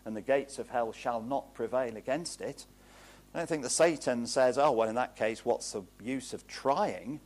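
A man's voice: fairly low pitch, a little mellow. A man preaching a sermon in an earnest, emphatic way, asking rhetorical questions.

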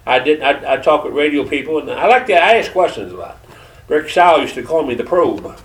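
Folksy Georgia-accented preacher in an echoey hall. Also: male voice, fairly high pitch, animated. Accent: Southern US, Georgia. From Detroit. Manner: folksy storyteller, halting with many fillers. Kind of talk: sermon testimony. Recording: echoey room from far off.

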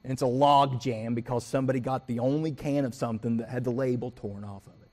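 A man's voice: medium pitch, fast talker. A man preaching a sermon as pastor, telling everyday stories and acting out the people in them. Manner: animated storytelling, acts out quoted voices and rants.

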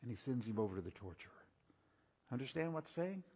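A man preaching a sermon, reading scripture in a raised voice and dropping low and quiet to explain it. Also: big pitch swings, fast talker, husky. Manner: rises loud and high when reading scripture, drops low and quiet when explaining. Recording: dull sound with long hall reverb.

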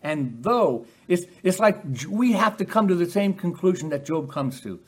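Animated preacher man asking questions. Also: high voice, moderate pace, breathy edge. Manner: rhetorical questions, animated emphasis. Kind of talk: sermon.

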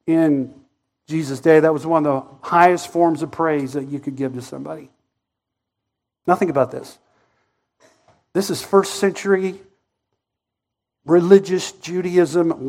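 A pastor delivers a Sunday sermon in a fairly high male voice. He tells the story with drama, acting out the voices, swelling loud and then dropping to near quiet. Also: a little slow, pauses often. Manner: dramatic storytelling, acting out quoted voices, wide swings in loudness.

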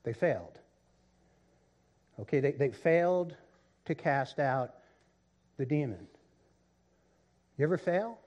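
A male pastor preaching a sermon, swinging between loud excitement and quiet low emphasis, often repeating words as he builds a point. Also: slow, pauses often.

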